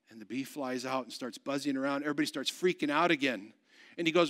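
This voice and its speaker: A man pastor preaching a sermon, going from loud proclamation to soft, hushed storytelling. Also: mid-range voice, quick pace. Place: church.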